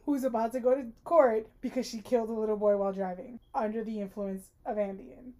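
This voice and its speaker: A woman's voice: fairly high pitch, steady tone, brisk, dark tone. A woman co-hosting a casual podcast, joking and sassy. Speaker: podcast co-host. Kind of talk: casual chat.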